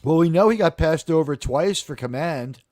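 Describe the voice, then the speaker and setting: A man hosting a casual live-stream discussion, chatty and animated, often acting out characters' lines. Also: a little high, normal speed, no room sound, clean studio sound. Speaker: live show host.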